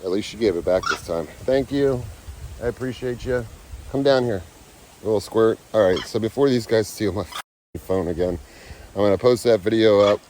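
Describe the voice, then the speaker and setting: Man, lowish voice, rough-spoken outdoor vlogger, slips into coaxing tones with animals. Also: moderate pace, a little mellow, a little hiss or hum. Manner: profane, loose, talks to animals in a coaxing tone. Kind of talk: casual unedited vlog talk.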